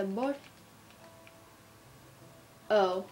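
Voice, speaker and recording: A woman chatting casually as she narrates her gameplay, talking to herself and breaking into bursts of excitement. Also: medium pitch, measured pace, highs cut off, soft background music. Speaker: gamer narrating her play. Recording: faint background noise.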